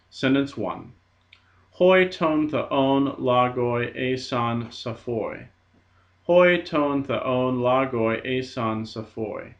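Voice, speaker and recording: A man's voice: medium pitch, fairly bright tone. A man teaching a recorded language lesson, patient and methodical with frequent fillers. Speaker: Greek teacher. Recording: dull lo-fi recording.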